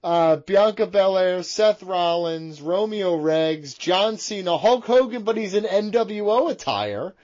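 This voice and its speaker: Excitable high-voiced podcast co-host man. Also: a little slow, hardly any pauses, highs cut off. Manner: excitable, rambling, swears often. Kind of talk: casual profane wrestling banter.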